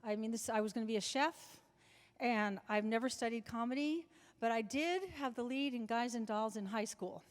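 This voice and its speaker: A woman's voice: on the high side, moderate pace. A woman in her seventies, a guest in a live interview before an audience, telling long anecdotes with frequent restarts. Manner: chatty anecdotal storyteller with many restarts. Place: large club function room before an audience. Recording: reverberant hall.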